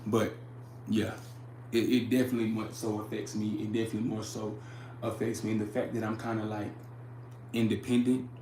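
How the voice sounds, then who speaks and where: A man's voice: fairly low pitch, flat delivery, fairly quick, warm tone, reverberant, slight background noise. A young man hosting a casual livestream, talking earnestly, repeating his phrases and reading chat comments aloud. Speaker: livestream host.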